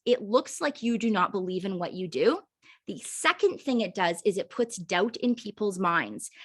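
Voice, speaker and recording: A fairly high-voiced woman coaching her sales team over a video call. She talks casually and with conviction, sprinkling in fillers and hammering points home with repeats. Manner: fired-up, chatty, many "like" fillers, emphatic repeats. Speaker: direct sales team leader training recruits.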